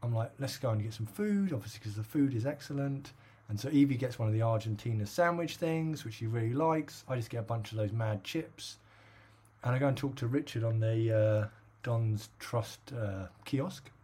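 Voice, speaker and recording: Husky rambling middle-aged man. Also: mid-range voice, normal speed, warm tone. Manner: rambling storyteller with many fillers and laughs. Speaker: podcast co-host. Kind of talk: casual chat.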